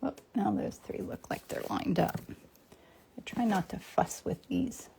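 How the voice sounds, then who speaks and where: A woman in her fifties chats casually through a painting session, talking herself through each brushstroke and greeting her regular viewers. Her voice has a slight gravelly edge. At times she drops to a near whisper, and a faint hiss sits behind the audio. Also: mid-range voice, expressive, measured pace, mellow. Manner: chatty, thinks aloud, greets viewers by name. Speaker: painter hosting a live painting demo. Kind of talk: casual live-stream chat while painting.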